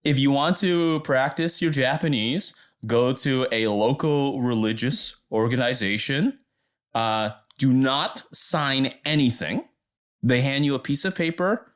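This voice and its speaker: A man in casual podcast chat, telling an animated story and doing the voices of the people in it. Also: medium pitch, measured pace. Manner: animated storyteller who acts out other people's lines.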